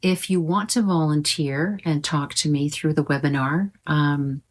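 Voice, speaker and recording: A woman teaching a pronunciation lesson online, explaining sounds clearly and slowly demonstrating words. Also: low-pitched, fairly even intonation.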